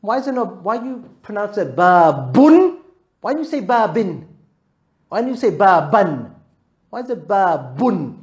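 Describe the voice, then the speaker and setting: A man with a high voice leads an Arabic grammar lesson in a classroom. He quizzes his students patiently with repeated questions and mixes English with Arabic terms. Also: very animated, a little slow. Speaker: Arabic teacher.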